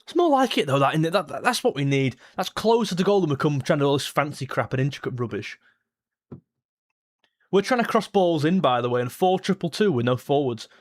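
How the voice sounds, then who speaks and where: A young man, reacting live to a football match, blunt and frustrated, jumping to excited shouts at chances. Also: fairly high pitch, brisk. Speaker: football fan streamer. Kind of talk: live match watchalong commentary.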